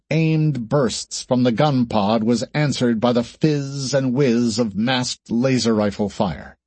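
Male narrator, husky, steady, dry close sound. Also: mid-range voice, no room sound. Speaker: audiobook narrator. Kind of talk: scripted narration.

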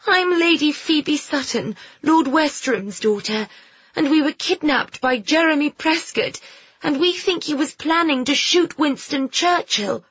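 A woman voicing a plucky, indignant young aristocratic girl, high and insistent. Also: expressive, unhurried, a bit bright, no room sound, dull audio.

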